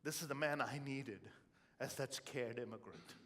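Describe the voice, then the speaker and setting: Middle-aged guy giving a motivational talk to a crowd, funny, tells stories, normal pitch. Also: normal speed, slight background noise. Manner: expressive, storytelling, humorous. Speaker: motivational keynote speaker.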